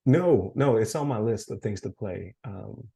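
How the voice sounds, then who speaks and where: Guy rambling about video games on a podcast, gravelly and a bit husky, voice going hoarse. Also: lowish voice, a little slow, warm tone. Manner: rambling, laughs often, many fillers. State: losing his voice. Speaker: podcast co-host. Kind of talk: casual chat.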